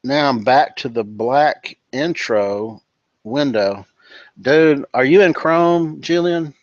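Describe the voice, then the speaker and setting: A man's voice: mid-range voice, slow pace, dry recording, lo-fi sound. Chummy man casually greeting viewers online. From from California. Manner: relaxed and chummy, calls people brother and dude. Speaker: webinar host. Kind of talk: casual live-stream chat reading out viewer greetings.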